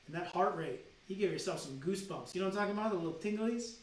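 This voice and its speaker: Male doctor leading a lively health seminar, preachy, with teasing rhetorical questions, heard from a distance in an echoey room. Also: high voice, rapid-fire, hardly any pauses. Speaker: doctor giving a health training. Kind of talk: energetic seminar-style health talk. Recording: roomy sound with the mic at a distance.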